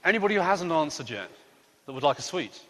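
Lively man quizzing children in a church. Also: fairly high pitch, fast, big-room sound, slight background noise. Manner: lively, playful quizmaster with gentle jokes. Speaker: children's talk leader at church. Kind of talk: quiz for children in a church service.

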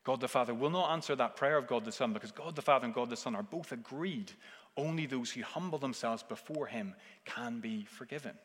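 A man's voice: mid-range voice, a little fast. Earnest male preacher in a reverberant hall. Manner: earnest, swings between forceful emphasis and hushed intensity. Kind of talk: sermon. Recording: long reverb of a large hall.

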